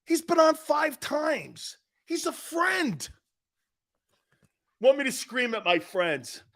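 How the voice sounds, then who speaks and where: Brash, high, lively male sports radio host. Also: slow. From United States. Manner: brash, mocking, animated, talks back to listeners. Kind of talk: sports talk radio monologue.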